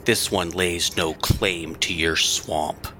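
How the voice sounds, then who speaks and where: A man plays his character in a tabletop game, with a very low, slow, deliberate voice. His tone is bright and forceful, and his lines are terse and stoic. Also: fairly even intonation, a little hiss or hum. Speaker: player.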